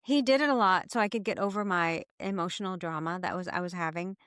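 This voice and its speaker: A middle-aged woman hosting a casual podcast, telling a story with animated energy and acting out her own past frustration. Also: fairly low pitch, quick pace, clear, resonant tone, no echo, clean studio sound. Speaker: podcast host, health coach.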